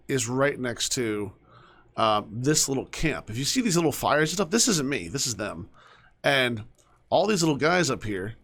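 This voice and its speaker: A young man with a gravelly, fry-edged voice talks his way through a game, chatting casually to the characters on screen. He often drops into soft mutters, then picks back up in a mid-range voice. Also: mid-range voice. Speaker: gaming streamer. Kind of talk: casual gameplay commentary.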